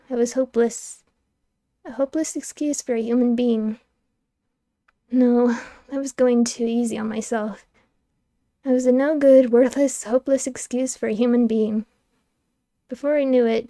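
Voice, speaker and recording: A young woman reads a game's story aloud in a lively, wry way. Her voice sits a little high, with a mellow, soft tone. The microphone is close and the sound is dry. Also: dry recording. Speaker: streamer reading a game aloud. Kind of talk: expressive narration of a game's text.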